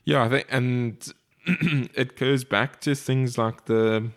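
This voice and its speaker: A man in a casual book discussion, speaking in a measured, reflective way. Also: mid-range voice, steady tone. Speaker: podcast co-host discussing a book.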